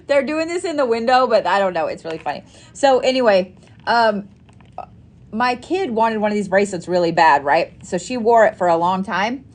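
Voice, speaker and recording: Animated swearing woman chatting live. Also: medium pitch, normal speed. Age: adult parent. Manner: animated storytelling, frequent swearing. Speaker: live-stream host making custom bracelets. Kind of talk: casual chat to a live audience.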